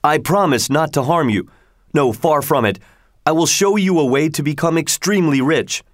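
A man voicing a crafty trapped genie who pleads and bargains in a read-aloud folk tale, coaxing and smooth-talking. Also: fairly high pitch, normal speed, no room sound, clean studio sound, voice pushed up, close to an everyday voice. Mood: urgent. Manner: wheedling, coaxing.

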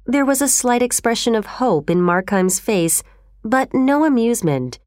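A woman narrating a classic story in a measured, expressive reading. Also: a little high, no room sound, clean studio sound.

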